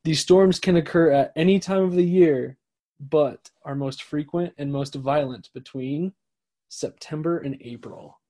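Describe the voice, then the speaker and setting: A man co-hosting a podcast, reading out facts in a measured, explanatory way. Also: a little high, dark tone. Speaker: podcast co-host. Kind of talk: reading facts in casual chat.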